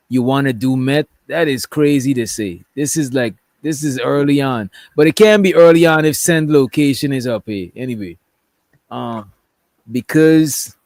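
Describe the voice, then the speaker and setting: A man's voice: mid-range voice, darkish tone, no room sound. A man doing casual livestream commentary, reading text messages aloud in a rambling way and often checking in with "right?". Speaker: commentary streamer.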